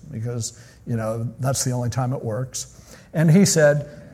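A man's voice: a little high, a little mellow. A male pastor teaching from the Bible in a casual, joking way with chatty asides.

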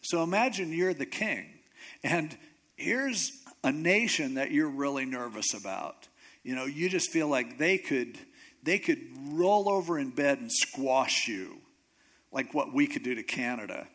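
A middle-aged male pastor preaching a sermon, retelling a Bible story in a lively, conversational way and acting out the characters' lines. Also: mid-range voice. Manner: animated storytelling, acting out characters in quick asides.

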